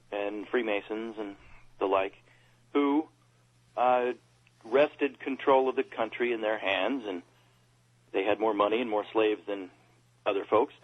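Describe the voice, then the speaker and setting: A man co-hosting a casual talk radio discussion, who pauses and repeats words as he talks. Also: mid-range voice. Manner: reads quotes aloud, pauses and repeats words. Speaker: co-host. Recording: dull lo-fi radio audio.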